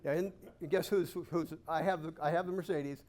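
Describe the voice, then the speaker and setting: Animated man telling stories to a live audience. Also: a little high, moderate pace. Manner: animated, self-amused anecdotes with rhetorical questions. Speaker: guest speaker at a real estate investor club. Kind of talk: storytelling keynote talk.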